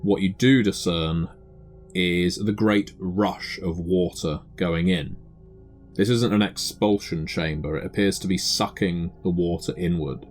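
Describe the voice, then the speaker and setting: A man narrating a tabletop game as game master, describing scenes in a measured way with the odd filler. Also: deep voice, steady tone, soft background music.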